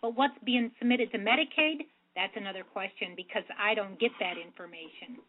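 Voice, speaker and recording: A woman's voice: mid-range voice, a little fast. A woman calling in to a radio interview, speaking in an upset, plain-spoken way and often trailing off, heard over a phone line. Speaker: guest caller.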